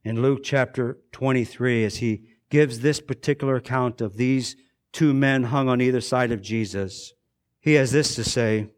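A male pastor preaching a sermon, swinging between fervent, raised passages and hushed, quiet ones, repeating phrases for emphasis. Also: medium pitch, normal speed.

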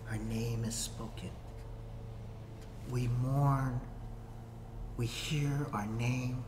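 A man pastor preaching a sermon to a camera, swinging from hushed whispers to sudden shouts. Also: medium pitch, fairly even intonation, extremely slow, pauses often. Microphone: facing a camera. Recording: echoey hall, faint room noise.

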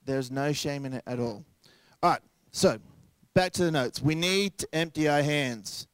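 A man's voice: on the high side, moderate pace, clean tone, dry recording. Casual joking young male pastor. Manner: casual, joking asides, acts out quoted voices. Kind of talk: sermon.

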